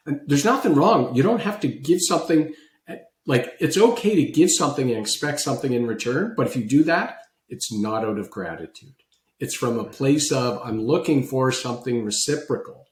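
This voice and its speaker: A man, a guest on a podcast, telling a personal story about gratitude with animated, lively swings in his voice. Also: moderate pace, roomy sound. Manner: animated storyteller, voice leaping high when recalling his own past disbelief.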